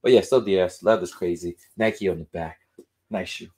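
A man's voice: sits low, steady tone, normal speed, a little mellow. A man running a casual live stream at home, showing off his sneaker collection in a loose, chatty way, a little out of breath. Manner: loose and chatty, drifts between sing-song muttering and explaining. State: winded, out of breath. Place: home room full of shoes.

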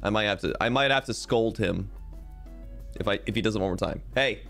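A man's voice: fairly low pitch, fairly quick, creaky, a bit bright, faint music behind. A young man chatting casually to his viewers while streaming a game, goofy and rambling. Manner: goofy, rambling, talks to chat.

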